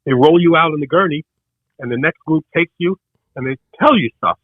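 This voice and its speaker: A man's voice: on the high side, no room sound, phone-quality sound. An older man, the hosts' father, telling a story in casual chat and acting out what others said. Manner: rapid, excited storyteller acting out others' lines.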